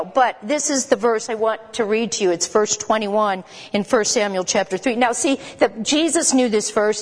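A woman with a fairly high voice teaches a Bible lesson in a chatty, emphatic way. She breaks off for quick asides to her listeners. Her voice carries a long reverb tail.

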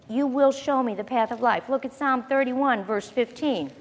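A high-voiced woman teaches from the Bible in a chatty, conversational way at normal speed, frequently asking her listeners rhetorical questions. A long reverb makes her sound like she's in a large hall.

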